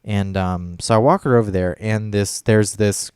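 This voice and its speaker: Man, casual podcast chat, rambling, swearing, lots of ums, low voice, dry close mic. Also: fairly even intonation, normal speed, darkish tone, clean tone, dry recording. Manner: rambling, profane, many fillers and restarts. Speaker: podcast co-host.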